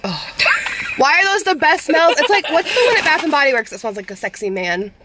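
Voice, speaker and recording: A young woman, vlogging in a bubbly, gushing casual chat with quick exclamations. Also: sits high, big pitch swings. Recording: noisy home vlog audio.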